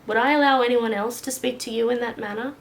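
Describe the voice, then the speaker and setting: A woman voicing a calm, firm male doctor who speaks in a gentle, hushed tone. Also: on the high side, quick pace, a little hiss or hum, natural voice. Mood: gently stern. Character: calm, stern middle-aged male doctor and caregiver.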